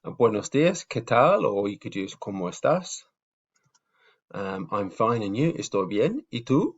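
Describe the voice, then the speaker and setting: A man's voice: on the low side, very animated, a little slow, dull audio. A man teaching a beginners' language lesson in a patient, step-by-step way, with frequent ums. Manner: patient, explains step by step with fillers. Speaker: Spanish teacher. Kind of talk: casual video lesson.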